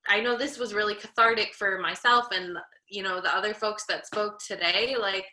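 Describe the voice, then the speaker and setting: A woman guest on a podcast, giving earnest, measured advice with frequent pauses and ums. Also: medium pitch, fairly even intonation, bright, forceful tone. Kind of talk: candid advice-giving talk. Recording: roomy echo.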